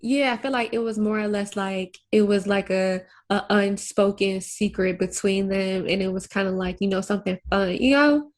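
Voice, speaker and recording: A woman's voice: mid-range voice, normal speed, few pauses. A woman co-hosting a podcast, talking in slangy casual chat with emphatic remarks. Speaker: podcast co-host.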